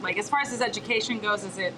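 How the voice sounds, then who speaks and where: A woman's voice: medium pitch, very fast, noisy background. A woman guest chatting casually in an interview, playful and laughing, swearing freely. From born in Dallas, Texas, USA. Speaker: guest, TV show producer.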